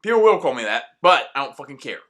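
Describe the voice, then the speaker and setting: A man's voice: mid-range voice, animated, fast, sharp tone. Heated, foul-mouthed man ranting hard. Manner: angry, profane, heated. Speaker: vlogger. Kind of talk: ranting monologue.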